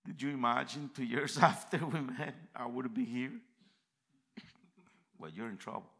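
A man speaking earnestly and affectionately in a church tribute, at times dropping to a soft voice. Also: mid-range voice, normal speed. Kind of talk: heartfelt church tribute speech.

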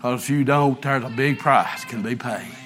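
A man's voice: mid-range voice, normal speed, a bit bright, soft background music. A man preaching an impassioned sermon and reading scripture aloud.

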